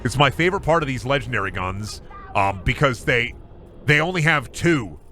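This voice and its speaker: Lively, rambling male game streamer. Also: medium pitch, moderate pace, a little hiss or hum. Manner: rambling, swears freely, lively reactions. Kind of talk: casual gaming commentary.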